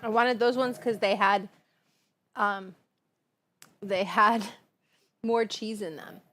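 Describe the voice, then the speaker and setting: Slow-talking giggly woman cooking host. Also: mid-range voice, steady tone, a bit bright. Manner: chatty, giggly, savoring food aloud. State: stoned. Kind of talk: casual livestream cooking chat. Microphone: clip-on mic.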